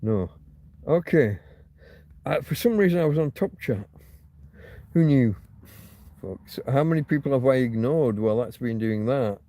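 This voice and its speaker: A man's voice: mid-range voice, animated, normal speed, pauses often, warm tone. A man hosting a casual, rambling livestream who rants and swears freely, repeating and restarting his words as he reads viewer comments. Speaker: livestream host.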